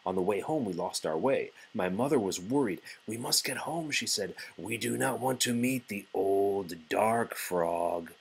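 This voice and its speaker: A man gives voice to a calm, confident storybook frog who coaxes and teases his anxious friend. The voice sits low and husky, spooling out long lines at a lively rise and fall. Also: measured pace, hardly any pauses, full character voice, poor audio. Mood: spooky. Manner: coaxing, teasing storytelling.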